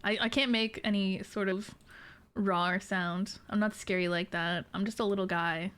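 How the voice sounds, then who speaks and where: A woman's voice: medium pitch, steady tone, normal speed, a bit bright, clean tone. A woman in her late twenties, a streamer chatting casually with her chat, giggly and swearing freely. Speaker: VTuber streamer.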